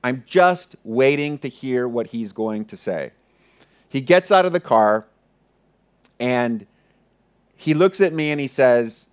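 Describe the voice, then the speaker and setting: A pastor preaching, retelling a personal story earnestly and often dropping to a hushed voice. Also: male voice, mid-range voice, expressive, slow, long pauses, clean tone. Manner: earnest, vivid retelling with many soft hushed passages. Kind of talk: sermon storytelling.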